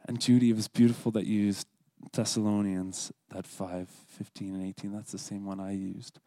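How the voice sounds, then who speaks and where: A man's voice: lowish voice, flat delivery, normal speed, mellow, no echo. A man giving an earnest, scripted devotional talk at a church service, sometimes dropping to a whisper for prayers. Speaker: lay speaker at a church service.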